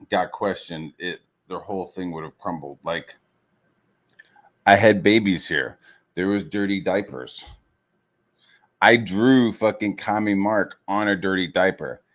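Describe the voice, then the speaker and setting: Streamer, male, deeper voice, heated swearing rant, mocks others. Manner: heated, swears constantly, full of fillers. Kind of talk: profane rant.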